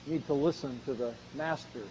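A man preaching a sermon on a Bible passage, earnest, rising to loud emphasis and then dropping low. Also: brisk, highs cut off, slight background noise. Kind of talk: expository sermon.

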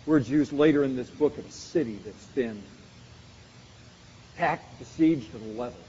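A man's voice: medium pitch, normal speed, long pauses, mellow, slight background noise. A man preaching a sermon with an emphatic, repetitive cadence. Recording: muffled recording in a reverberant hall.

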